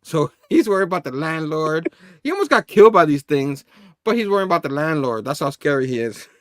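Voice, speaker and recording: Guy hosting a comic review, kinda high voice, loose and laughy, dry mic. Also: sing-song, a little fast, a bit bright, no echo. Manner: laughs often, loose, acts out dialogue. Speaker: show host, comic reviewer. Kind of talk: casual comic review chat.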